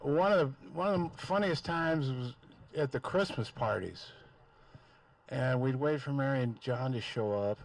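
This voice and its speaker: A man's voice: mid-range voice, unhurried, creaky, dry recording, rough recording. Brief: man, memorial speech at the mic, rambling with fillers, dry sound. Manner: rambling with many "uh" fillers, fond. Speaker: memorial speaker. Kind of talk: casual storytelling. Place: memorial gathering. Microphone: microphone.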